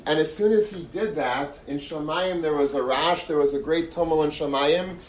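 A man's voice: on the high side, normal speed. A man delivers an earnest Torah talk, circling back over his phrases as he tells a story. He sounds set back from the microphone in a roomy, echoing space. Faint background noise sits under his voice. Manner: earnest, repeats and restarts phrases. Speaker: Torah lecturer. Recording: echoey room, mic far off, faint noise.

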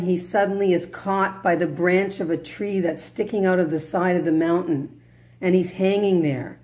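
A woman teaching a religious class in a medium-pitched, conversational voice. She breaks in with humorous asides and often checks in with her listeners. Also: darkish tone. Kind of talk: religious lecture.

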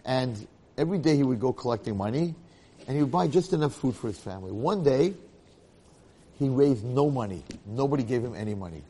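A man giving a Torah lecture, telling a parable in an animated way and acting out the characters' lines. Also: medium pitch, a little fast, in a large hall. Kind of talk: storytelling lecture.

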